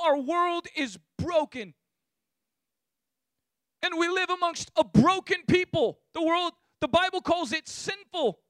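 A male preacher in full sermon, his voice pitched very high and pushed bright and forceful. He builds his points with fervor and rises to shouts. The sound is close and dry. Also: no echo. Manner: impassioned, rising to shouts.

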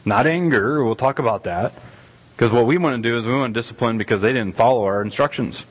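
A man's voice: mid-range voice, fast. A man preaching a conversational sermon, rambling and self-deprecating, restarting sentences and acting out what he tells his kids. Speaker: pastor. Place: church hall. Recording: long reverb of a church hall.

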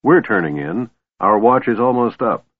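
Gruff old dwarf, voiced by a man. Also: fairly low pitch, animated, normal speed, dry recording, pitched above the performer's own voice. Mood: stern. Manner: gruff, stern, fatherly. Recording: tinny phone-like line, dry.

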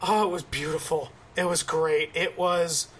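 A man with a high, bright-edged voice hosts a casual gaming podcast. He talks in an animated, joking way and swears freely while telling a story. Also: unhurried, a little hiss or hum. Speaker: podcast host.

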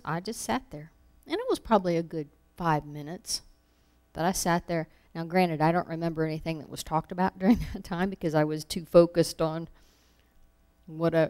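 A woman's voice: lowish voice, darkish tone. A woman giving an informal sermon, telling personal stories in a conversational way with laughs, acting out her own thoughts. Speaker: preacher.

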